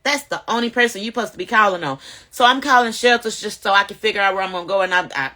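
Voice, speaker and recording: A woman, a mother of five, telling her life story casually to a phone camera at home and acting out the voices she quotes. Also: very fast. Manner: animated, acts out quoted voices, rising high when excited.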